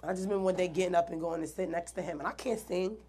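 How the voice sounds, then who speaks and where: A woman's voice: on the low side, steady tone, very fast, dark tone, slightly rough. A woman earnestly telling her own story in an interview, acting out the quoted dialogue with animation. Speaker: guest artist.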